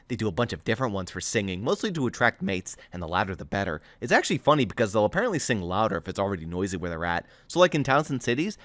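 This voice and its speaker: A man reading his own novel aloud in the first person, animated and excitable as he rambles on. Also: lowish voice, dry recording. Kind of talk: first-person story narration.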